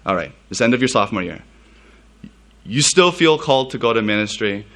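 A man's voice: lowish voice, expressive, fairly quick, a bit bright. A man doing his weary, resigned father. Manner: resigned, repeating himself. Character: weary older immigrant father conceding to his son.

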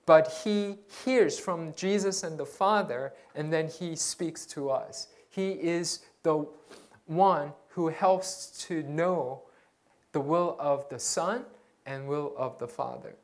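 Unhurried pastor preaching, earnest, keeps going "and, and" while he finds his words. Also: medium pitch. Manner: earnest, repeats words while searching for them. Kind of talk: sermon.

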